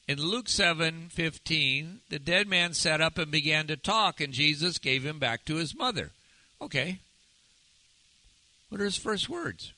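A male pastor delivering a sermon in a very bright, forward voice that rings clearly. He talks slowly and keeps putting questions to the congregation, easing into a hushed, drawn-out delivery on the words that matter most. The sound is close and dry. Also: on the high side, no echo, rough recording. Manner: asks the audience many rhetorical questions.

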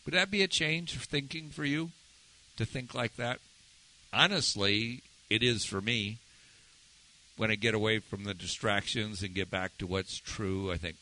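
A man's voice: a little slow, pushed and bright, rough recording. A man preaching a sermon in a conversational way, often asking his listeners questions. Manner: conversational, asks listeners questions, swings pitch for emphasis. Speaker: pastor.

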